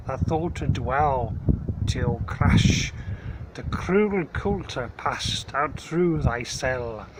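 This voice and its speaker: A man reads verse aloud in a slow, measured way. His voice sits a little high for a man. The recording is outdoors, with clear noise around him. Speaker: contributor reciting a poem. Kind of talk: poetry recitation.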